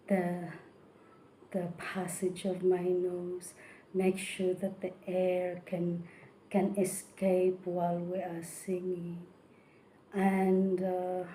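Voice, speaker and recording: A woman giving a casual spoken singing tutorial, halting with many fillers and restarts, some words slipping into a whisper. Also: lowish voice, dark tone, slight background noise. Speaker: vocal technique presenter.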